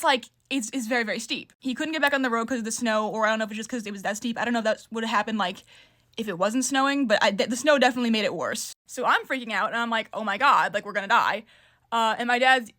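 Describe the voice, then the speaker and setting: A woman's voice: on the high side, a bit bright. A young woman telling a story casually to camera, rambling with lots of fillers. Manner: rambling, filler-heavy retelling.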